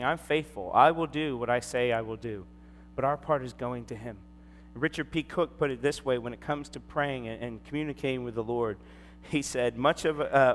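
A middle-aged man preaching a sermon, telling a personal story and acting out the voices in it. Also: mid-range voice. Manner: storytelling, animated, acts out quoted voices. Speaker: pastor. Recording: long hall reverb, faint hum.

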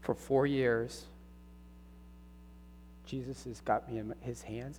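A middle-aged man preaching a personal sermon testimony, earnest and halting, his voice catching with emotion. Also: medium pitch, warm tone. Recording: reverberant hall with faint hum.

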